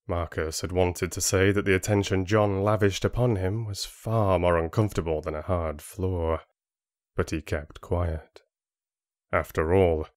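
A man reading an audiobook in a steady storytelling manner into a close studio mic. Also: deep voice, dry recording. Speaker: audiobook narrator. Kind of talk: scripted audiobook narration.

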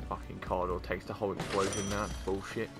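A man's voice: deep voice, little pitch movement, fast. A man giving casual gaming commentary, muttering sarcastic, sweary remarks to himself as he plays. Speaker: gameplay commentator. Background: loud game music and gunfire.

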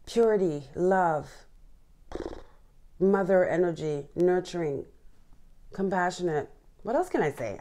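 A woman reading tarot cards to her viewers, gushing and excited, often repeating words and letting out sighs and laughs. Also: lowish voice. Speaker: tarot reader. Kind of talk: casual tarot reading to camera.

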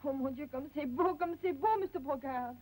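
An actress playing a homesick young French singer who pleads in halting, broken English mixed with French, with a French accent, in 1930s film acting. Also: female voice, sits high, darkish tone, natural voice, poor audio. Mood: delighted. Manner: pleading, emotional.

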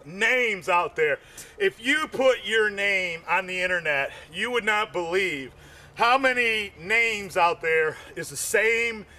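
A man telling loose, rambling stand-up jokes, adding "man" to nearly every line and breaking into shouts on the punchlines. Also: high voice, animated, slow pace. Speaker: amateur comedian.

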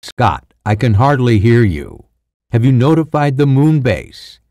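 A man's voice: medium pitch, big pitch swings, unhurried, darkish tone, no room sound, studio quality. A man voicing a tense, urgent army major.

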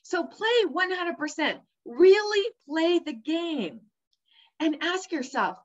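A woman with a high, expressive voice speaks slowly and directly to the viewer, coaching them along in an upbeat, emphatic motivational talk. Her recording has a dull, lo-fi quality.

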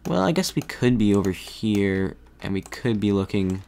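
A man's voice: fairly low pitch, big pitch swings, moderate pace, creaky, mellow, slight background noise. Man musing aloud over a game. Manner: muses aloud, hesitant, frequent restarts. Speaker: gaming video creator. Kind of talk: thinking-aloud game commentary.

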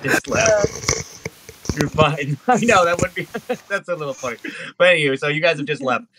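A man's voice: fairly high pitch, moderate pace, background noise. A man narrating as game master in a casual, chatty way, laughing along.

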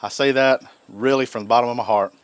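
Man, casual cooking vlog host, folksy, enthusiastic, mid-pitched voice. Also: steady tone, quick pace, dry recording. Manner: folksy and enthusiastic, Southern phrasing. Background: griddle sizzling.

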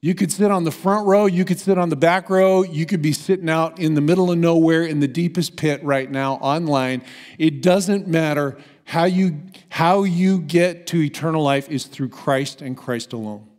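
A man's voice: fairly high pitch, normal speed, a little mellow. An American man preaching a sermon as pastor, earnest and emphatic as he tells a story. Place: church sanctuary. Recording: long hall reverb in a church.

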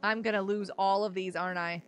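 Speaking a little fast in a mid-range voice with fairly even intonation, this young woman plays a game on a live stream. She is bubbly, exclaiming and laughing often as she talks to her chat.

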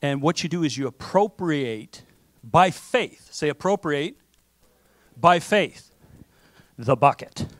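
Taking it slowly and pausing often, this pastor delivers an animated, conversational sermon in the church sanctuary, regularly asking "okay?" and playing out people's self-talk. His voice is a little high and fairly bright, with no room sound.

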